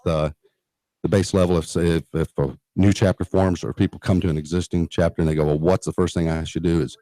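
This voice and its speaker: An earnest man talks as a radio guest, his voice low and mellow. He explains at length, often pausing on fillers and restarting his sentences. The studio sound is close and dry. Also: no room sound. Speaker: radio guest from a neighborhood emergency preparedness group. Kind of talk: radio talk interview.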